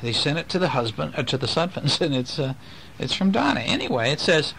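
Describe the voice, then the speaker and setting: Father reading a bedtime picture book at home, gentle, playful, sing-song delivery, faint background noise. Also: fairly high pitch, very animated, a little fast, gravelly, low-quality recording. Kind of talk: reading a picture book aloud to his children.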